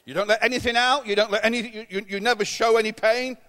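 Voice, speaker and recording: A man's voice: sits high, steady tone, fast talker, pushed and bright. An English man in his fifties preaching a sermon as pastor, telling humorous, self-mocking stories. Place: church. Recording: long hall reverb.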